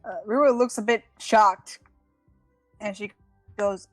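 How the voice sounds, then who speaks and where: A woman's voice: fairly high pitch, steady tone, measured pace, pauses often, no echo, soft background music. A woman describing her character in a tabletop game, casual and giggly. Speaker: player.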